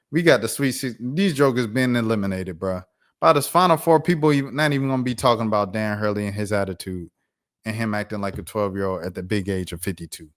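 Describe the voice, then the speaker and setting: Animated man ranting about sports. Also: fairly low pitch. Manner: animated, reads quotes flatly then rants loudly. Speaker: sports commentary host. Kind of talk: casual sports commentary vlog.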